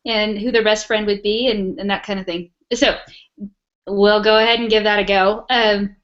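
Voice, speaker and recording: A woman's voice: medium pitch, flat delivery, normal speed. A woman on a casual panel, chatty, laughing and full of fillers, heard over muffled video call audio.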